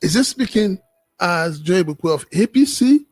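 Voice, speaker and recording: A man speaking as a panelist on a political talk show, animated and firing off rhetorical questions. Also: high voice, normal speed, no echo.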